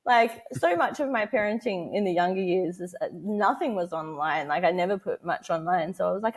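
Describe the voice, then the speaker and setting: A woman's voice: on the low side, expressive, moderate pace, hardly any pauses, slightly rough. A woman in her thirties, a podcast guest, chatting casually and laughing often as she acts out the people in her story. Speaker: podcast guest, motherhood educator.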